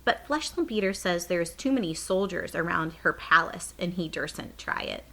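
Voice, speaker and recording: A woman voicing a gentle, stubborn old male giant in a read-aloud children's story, speaking with folksy, jumbled grammar. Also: on the low side, lively intonation, moderate pace, gravelly, full character voice.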